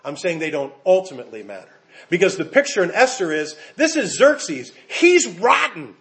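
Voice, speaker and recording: A high-voiced American pastor preaches to his congregation with lively emphasis. He slows for weight, then quickens for a joke. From United States. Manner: animated, emphatic, jokes with the congregation. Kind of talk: sermon.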